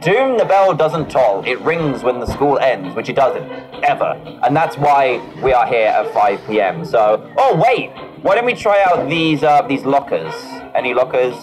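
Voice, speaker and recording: A man's voice: mid-range voice, very animated, unhurried. A man playing a game and commenting, reading its text aloud with jokes to himself. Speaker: gaming video host. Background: background music.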